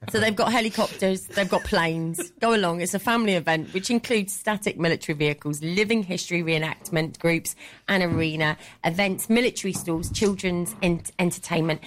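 A woman from England co-hosting a local radio show in a studio, reading out event listings and telling stories with a laugh. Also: medium pitch. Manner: chatty, laughing storyteller. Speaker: radio co-host. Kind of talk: casual radio chat.

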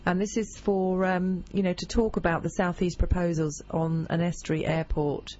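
A woman's voice: fairly low pitch, flat delivery, normal speed, dark tone, highs cut off. A woman with a New Zealand accent co-hosting a radio show, teasing her co-host and reading out event notices. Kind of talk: casual radio chat.

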